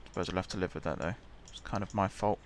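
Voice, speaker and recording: A man talks through his game in a casual, half-muttered way, as if thinking aloud. His voice sits a bit low. Faint background noise and mouse clicks sit behind him. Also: fairly even intonation, fast talker. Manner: chatty, muttering to himself while building. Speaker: gaming channel host.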